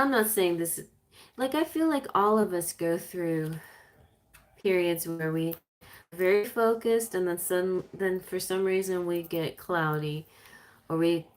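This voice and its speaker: A woman giving a chatty live-stream tarot reading, reading guidebook passages aloud between her own comments. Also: on the low side. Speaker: tarot reader.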